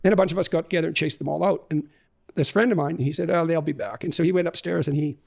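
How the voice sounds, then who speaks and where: Fast, high, gravelly man telling a story. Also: fairly even intonation, a little mellow. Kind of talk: anecdote in a podcast conversation.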